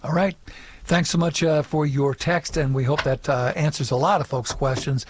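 A male radio host reading listener emails and wrapping up the show in a friendly, brisk way. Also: fairly high pitch, steady tone, background noise. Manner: friendly and brisk, with short affirmations.

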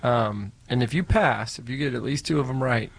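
A man putting on the voice of a male rideshare driver who teases his passenger, speaking slowly and deliberately in a put-on accent. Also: medium pitch, gravelly, slightly rough. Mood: teasing. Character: male rideshare driver, newly a citizen, teasing.

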